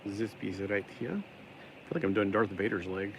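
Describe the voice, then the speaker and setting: Guy mumbling thru a lego build, lowish voice, jokey, noisy hum behind him. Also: expressive, normal speed. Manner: rambling, talks to himself, sings and jokes while building; puts on a stuck-in accent today. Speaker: YouTuber building a LEGO set. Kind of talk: casual build commentary.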